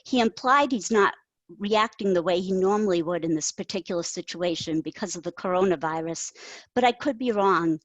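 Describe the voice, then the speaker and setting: A woman reading her own story aloud, voicing an insecure, self-doubting woman who talks earnestly and quickly. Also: lowish voice, dry recording, close to an everyday voice, low-quality recording.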